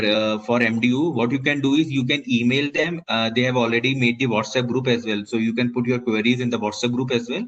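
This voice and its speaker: A man's voice: medium pitch, a bit bright. A man moderating an online session, polite and full of "sir", over a video call. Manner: polite, says sir often, fillers. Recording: slightly dull video call audio.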